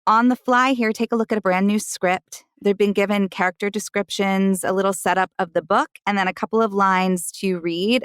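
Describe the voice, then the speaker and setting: A woman's voice: medium pitch, no room sound. A woman from Alabama hosts a roundtable chat. Her voice sits in a middle register and is recorded dry and close, with no room sound. She muses aloud and circles back through restarted phrases. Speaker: podcast co-host. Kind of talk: roundtable conversation.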